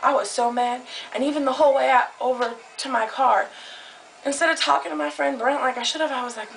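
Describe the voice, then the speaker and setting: Young woman ranting to her camera, high-ish voice, heated, swears a lot, faint hiss. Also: fairly even intonation, fairly quick, gravelly, a bit bright, low-quality recording. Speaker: vlogger. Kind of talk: casual vlog storytelling. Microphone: camera close up.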